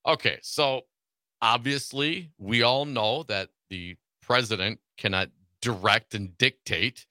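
A man's voice: medium pitch, takes it slowly, pushed and bright, no echo. A man co-hosting a casual political talk radio show, laughing often and reading news items aloud. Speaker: radio co-host.

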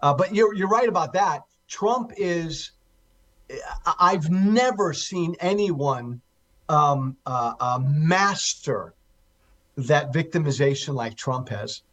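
A man with a fairly high voice talks as a guest on political talk radio. He hammers his points home with emphasis, often repeating a word several times over. His delivery sounds forceful and insistent. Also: lively intonation, takes it slowly. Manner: emphatic, repeats key words for stress. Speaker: guest commentator.

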